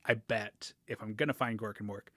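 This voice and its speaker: Man, podcast host, casual lore recap, bright tone, dry close sound, chatty with fillers. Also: on the low side, fairly even intonation, brisk, dry recording. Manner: laughs often, rambling lore recap with fillers. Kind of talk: casual chat.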